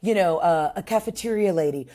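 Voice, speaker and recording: A woman comedian, a guest on a podcast, telling stories in a brash, crude, animated way. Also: fairly low pitch, brisk. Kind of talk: casual interview chat.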